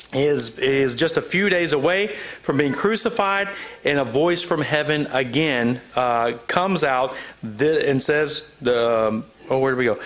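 A man's voice: on the high side, a bit bright. Conversational man teaching Bible verses. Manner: conversational, reads scripture aloud, frequent "uh" fillers. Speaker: pastor.

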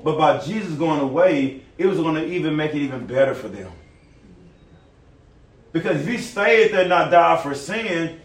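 A man preaching a folksy, animated sermon in a nursing home, talking straight to his listeners. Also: on the high side, normal speed, long pauses, distant mic. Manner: animated, folksy, talks directly to the audience. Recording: echoey room, recorded from afar.

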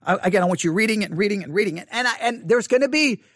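Male Bible teacher, high voice, dry close sound, earnest and repetitive, online lesson. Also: fairly bright tone, no echo. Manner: repetitive, earnest, restarts and emphatic slow repeats.

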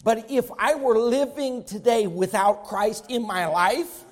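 Male preacher, high-pitched, emphatic sermon delivery with repetition. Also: a little slow. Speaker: pastor.

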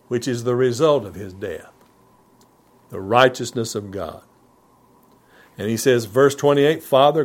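A man preaching a sermon as pastor, pressing his points with emphatic rises and sudden quiet drops. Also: medium pitch. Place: church TV broadcast.

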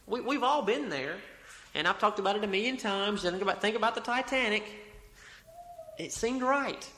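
In an echoey church sanctuary, a pastor with a high, animated, sharp-toned voice preaches at normal speed. He reads scripture aloud, repeats phrases, and corrects himself mid-sentence.

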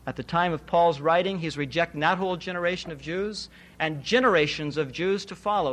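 A man preaching an expository sermon in a voice pitched a little above most men's. He drives his points home with rhetorical questions and repeated phrases, steady and emphatic. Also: a little fast, a little hiss or hum.

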